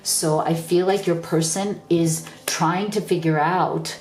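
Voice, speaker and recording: A woman's voice: on the low side, fairly even intonation, slow pace, few pauses, a little mellow, reverberant, faint music behind. A tearful woman giving an earnest, emotional pick-a-card tarot reading, often repeating herself. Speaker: tarot reader.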